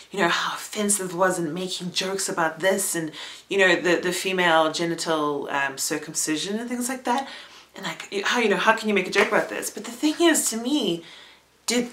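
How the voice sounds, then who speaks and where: A woman's voice: medium pitch, sharp tone. A young woman giving a casual spoken theatre review, chatty and breaking into small laughs as she talks. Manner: chatty, laughs often between words.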